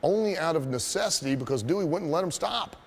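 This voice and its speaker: Profane, animated wrestling trainer. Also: male voice, fairly high pitch, quick pace, vocal fry. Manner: profane, animated, asks rhetorical questions. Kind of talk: storytelling lesson.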